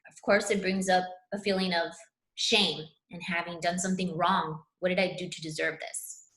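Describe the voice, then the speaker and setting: A woman speaking as a spiritual counselor, telling a personal story in an earnest, animated way. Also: fairly low pitch, moderate pace, reverberant. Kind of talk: casual conversation.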